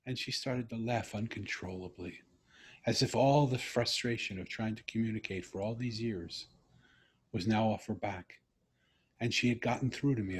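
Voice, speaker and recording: Speaking in a fairly low, slightly rough voice, this middle-aged interview host recounts something from his own life during a video call conversation. He's earnest throughout but livens up when quoting his own words.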